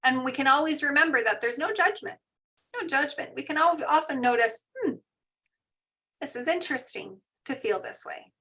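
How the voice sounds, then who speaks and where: Soft-spoken woman guiding meditation. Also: high-pitched, lively intonation. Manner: soft, slow and soothing, reads out participants' shares. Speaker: mindfulness teacher. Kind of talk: guided meditation and parent info session. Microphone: online video call.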